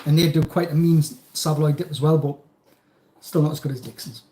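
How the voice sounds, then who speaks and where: A man's voice: fairly high pitch, steady tone, a little fast, mellow, slight background noise. Chatty Geordie man, roomy echo. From North East England. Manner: chatty, rambling, jokey. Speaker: channel host. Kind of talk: casual live-stream chat reading comments.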